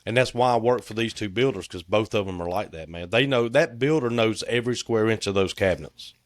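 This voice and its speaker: Laid-back man, low dry voice. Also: brisk, no room sound. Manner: laid-back, drawling, folksy slang. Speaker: podcast co-host; cabinet maker. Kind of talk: casual chat.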